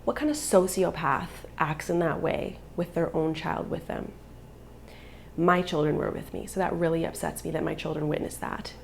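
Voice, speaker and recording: A woman's voice: low voice, normal speed, creaky, slight background noise. A woman in her thirties, a vlogger and mother, telling a personal story in an earnest, emotional way.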